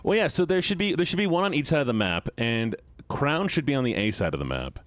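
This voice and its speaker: A man streaming a game and chatting casually with viewers, animated and self-mocking, thinking aloud as he plays. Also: mid-range voice, fast, no room sound. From United States. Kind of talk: casual gameplay chat with viewers.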